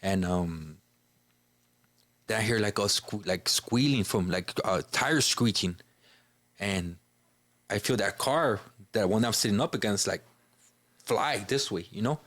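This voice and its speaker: A man's voice: lowish voice, lively intonation, unhurried, pauses often, fairly bright tone, dry recording. A man from Chicago, a podcast guest, telling a personal story in a casual, informal way, filling his speech with "you know" and "bro".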